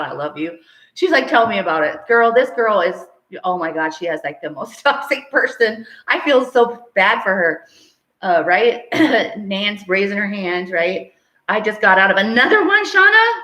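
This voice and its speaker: A woman talks casually to her live viewers, laughing often and calling out their comments as she teaches. Her voice sits at an ordinary middle pitch. The room adds a noticeable echo. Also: sharp tone. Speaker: live stream host and spiritual teacher. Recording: roomy echo.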